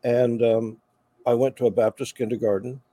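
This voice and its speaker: Older male guest with a faint Southern accent; mellow, dry close mic, wry and easygoing. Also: mid-range voice, little pitch movement, moderate pace, no echo. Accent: slight Southern. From Charleston, South Carolina. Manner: warm, wry, self-deprecating humor. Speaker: guest, veteran. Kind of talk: casual interview storytelling.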